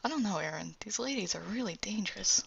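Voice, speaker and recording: A woman's voice: medium pitch, sing-song, a little fast, vocal fry, a bit bright, dry recording, exaggerated voice. A woman voicing a worried, protective father who talks in an exasperated way. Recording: dull lo-fi recording.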